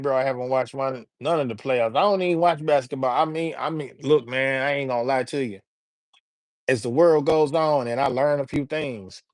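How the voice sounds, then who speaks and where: A man hosting a casual livestream, reading viewer comments and giving shout-outs in a laid-back, slangy way. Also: medium pitch, dry recording, clean studio sound. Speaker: livestream host reading chat.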